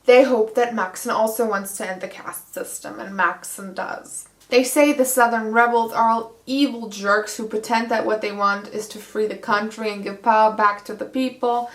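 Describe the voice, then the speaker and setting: A woman's voice: a little high, steady tone, normal speed, few pauses, fairly bright tone. Snarky young woman recapping a book. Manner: sarcastic and snarky. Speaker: book vlogger. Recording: roomy echo.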